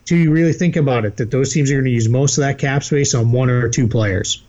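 A man with a faint Boston accent, co-hosting a podcast in casual, animated chat. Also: mid-range voice, brisk, highs cut off. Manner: animated, laughs easily. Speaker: podcast co-host.

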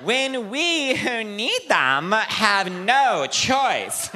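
High, lively campy comedian man. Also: slight background noise. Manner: animated and campy, with quick jokes. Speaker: stand-up comedian. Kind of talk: stand-up set. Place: comedy club stage.

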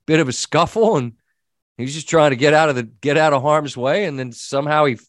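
Animated storytelling man, dry sound. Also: a little high, brisk, no room sound. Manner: animated storytelling with many restarts. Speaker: podcast co-host. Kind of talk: casual chat.

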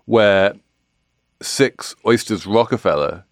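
A man's voice: lowish voice, slow, dry recording, studio quality. A man hosting a podcast in casual chat, explaining things with confident asides. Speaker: podcast host.

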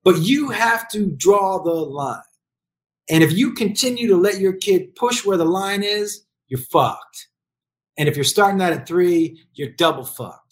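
Middle-aged parent with mid-range pitch, blunt and foul-mouthed, riffing in a comedic rant. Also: expressive, unhurried. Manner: blunt, profane, emphatic. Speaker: parent giving advice.

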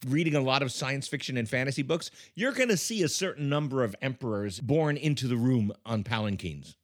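Male podcast co-host, animated higher voice, wry teasing delivery, dry close mic. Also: a little fast, no room sound. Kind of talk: casual comedy podcast chat.

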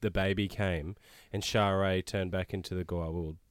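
Man, low voice, dry close mic, laid-back co-host who drops wry jokes. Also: fairly even intonation, a little slow, smooth, no room sound. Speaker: podcast co-host. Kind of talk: casual podcast chat.

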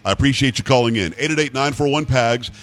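A man's voice: mid-range voice, fast talker, fairly bright tone. A male talk radio host, blunt and opinionated, reading ads and taking calls with self-mocking jokes. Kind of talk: talk radio and live ad reads.

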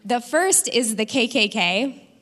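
A woman's voice: fairly high pitch, takes it slowly. Young woman doing punchy stand-up on stage. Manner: animated, punchy comic delivery. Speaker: stand-up comedian. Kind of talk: live stand-up set. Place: comedy stage before a live audience. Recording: live stage recording with long hall reverb.

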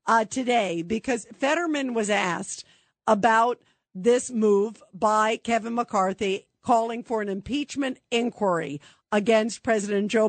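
A woman hosts a call-in radio show in a sarcastic, animated way. Her voice sits at a middle pitch and is recorded very dry and close, with no room sound. She keeps mocking and slipping into quick impressions. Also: no echo. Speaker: radio talk show host. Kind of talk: opinionated radio talk.

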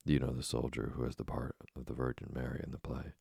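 A prim, timid young girl in a bedtime storybook, as a man reads her lines. The delivery stays deep, gravelly and husky, without a put-on higher voice. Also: little pitch movement, quick pace, dark tone, dry recording, clean studio sound, heavily acted.

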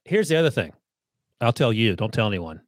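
A man's voice: fairly low pitch, big pitch swings, brisk, dry recording, clean studio sound. A man who analyzes the football draft, talking confidently and opinionated in a casual podcast chat. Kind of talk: casual sports talk.

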